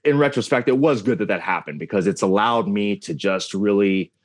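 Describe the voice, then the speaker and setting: Brisk and on the low side, this thirtysomething wrestling announcer guests on a podcast, animatedly telling stories and voicing the dialogue himself. The recording has no echo.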